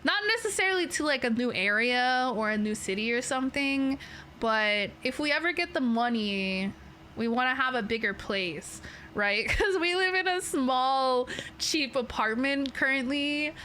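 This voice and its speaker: A young Canadian woman with a Canadian accent chatting on a livestream from her bedroom setup. Her voice sits a touch high and sounds bright and forceful. She rambles in a playful, unhurried way and breaks into laughs often. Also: animated, slight background noise. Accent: Canadian English. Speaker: VTuber streamer. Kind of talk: casual livestream chat. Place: home streaming setup in a bedroom.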